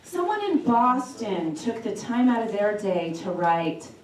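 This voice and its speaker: A woman with a medium-pitched voice and a measured pace does a stand-up set in a small club, building crude, brash jokes to their punchlines. The mic is set back in the echoey room, adding slight background noise, and the crowd can be heard laughing.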